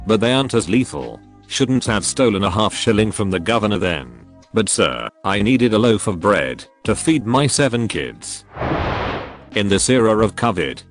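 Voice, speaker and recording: A man with a somewhat low voice reads forum posts aloud as a narrator. His delivery stays steady and matter-of-fact from one post to the next. Soft music plays faintly behind him. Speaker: narrator reading online posts.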